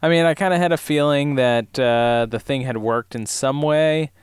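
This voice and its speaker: A man's voice: medium pitch, normal speed, clean tone, no room sound, studio quality. A man co-hosting a podcast in casual chat, who often answers with short agreements. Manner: reactive, lots of short agreements. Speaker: podcast co-host.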